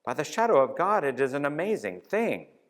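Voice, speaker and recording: A man's voice: fairly low pitch, big pitch swings, normal speed. A man reading aloud and voicing a proud, blustering adult knight, heard in a reverberant church hall. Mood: triumphant.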